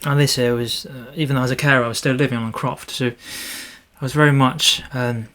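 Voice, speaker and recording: A man talking casually about his landscape photographs in a vlog, halting and restarting often with small self-deprecating asides. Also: medium pitch, fairly even intonation, a bit bright.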